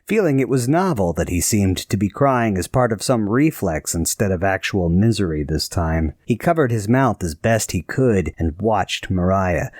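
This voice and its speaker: A man narrating a novel in a measured storytelling voice. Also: sits low, darkish tone, dry recording, studio quality. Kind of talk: scripted audiobook narration.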